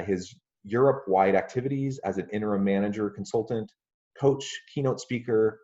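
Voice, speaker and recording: A man hosting a podcast interview, speaking in a polite, measured way with frequent ums. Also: lowish voice, a little mellow. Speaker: podcast host. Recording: muffled lo-fi audio.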